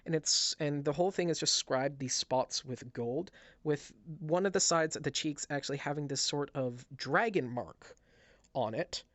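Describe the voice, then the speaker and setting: A man narrating as game master, describing scenes with halting restarts. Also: a little high, fairly bright tone, no echo. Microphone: headset.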